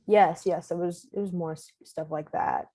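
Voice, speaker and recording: A young actress chatting in a relaxed, hesitant way as a podcast guest, using lots of fillers and laughing easily. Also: female voice, fairly low pitch, normal speed. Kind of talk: casual interview.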